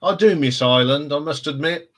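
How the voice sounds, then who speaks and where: A man's voice: a little high, fairly quick, fairly bright tone. Chatty Northampton man rambling on stream. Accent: Northampton English. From England. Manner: chatty, rambling, laughs often. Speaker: live stream host. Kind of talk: casual live chat.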